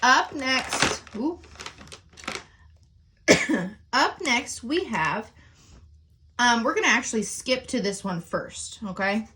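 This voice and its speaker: Slow, patient woman teacher. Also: fairly high pitch, expressive, pushed and bright. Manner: patient, checks in with "okay?" and "right?". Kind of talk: recorded classroom lesson.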